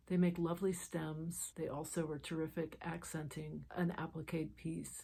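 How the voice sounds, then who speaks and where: A woman teaching an embroidery stitch step by step, talking calmly as she works by hand. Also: lowish voice, breathy edge. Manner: calm, explains while stitching by hand. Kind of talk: step-by-step craft tutorial.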